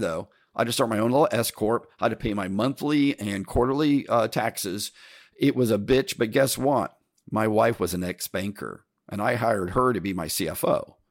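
A middle-aged man telling a casual business story to his listeners, lively and animated, laughing now and then. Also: medium pitch.

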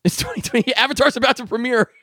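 A man's voice: extremely high pitch, very fast, bright, forceful tone, no room sound, clean studio sound. A man from Los Angeles in casual, jokey reaction chat while watching a show with a friend, laughing often. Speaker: podcast co-host watching a show.

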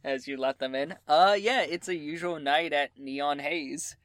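A young adult runs a tabletop role-playing game at a mid pitch, in a loose, unhurried style full of "uh" fillers. The voice is recorded dry and close, with no room sound around it. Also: no echo. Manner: relaxed, with frequent "uh" fillers. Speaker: game master.

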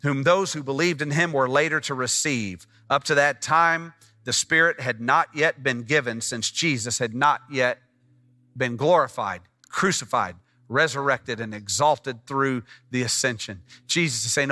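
A man preaching a sermon as pastor, animated and asking the congregation questions as he teaches. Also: medium pitch, a little slow.

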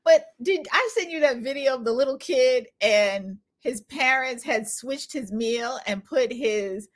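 A woman hosting a casual podcast interview, animated and laughing a lot as she tells stories and reacts to her guest. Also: high voice, a little slow. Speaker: podcast host.

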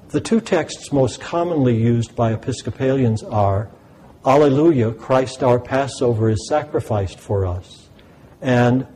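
Calm man explaining church music. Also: mid-range voice, slightly rough, poor audio. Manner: measured, explanatory. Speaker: sacred music instructor. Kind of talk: scripted lesson narration.

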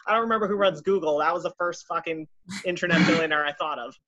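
A woman telling a casual anecdote in a profane, animated, self-mocking way. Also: on the low side, fast talker, muffled recording, noisy background. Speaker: storyteller.

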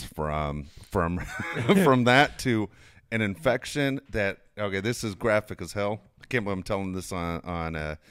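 Brief: middle-aged man, animated profane storyteller, dry close mic. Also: low-pitched, clean tone, no echo. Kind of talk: casual storytelling chat.

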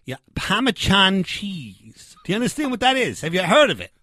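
A man's voice: high-pitched, sing-song, moderate pace, sharp tone, no room sound, studio quality, heavily acted. A man playing a pushy, blustery backyard barbecue guy in a comedy sketch, talking over everyone. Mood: bossy.

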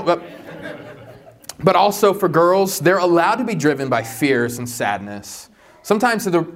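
A man in his thirties preaching a sermon, animated and joking, his voice jumping up high in playful asides. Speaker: pastor.

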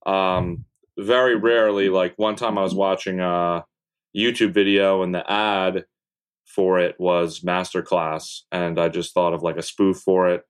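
A man's voice: low voice, little pitch movement, unhurried, smooth. A young man, a content creator guesting on a podcast, talking in a laid-back, rambling way with casual swearing and lots of fillers. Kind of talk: casual interview chat.

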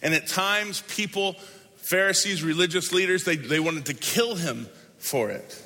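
A man preaching a sermon as a pastor, conversational and emphatic, moving between quick asides and slow, stressed phrases. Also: high voice, bright, forceful tone. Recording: long hall reverb.

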